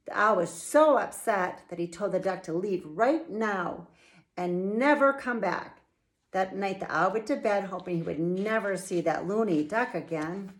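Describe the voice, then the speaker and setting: A middle-aged woman and children's author reading her picture book aloud, with slow, playful, expressive storytelling. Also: medium pitch.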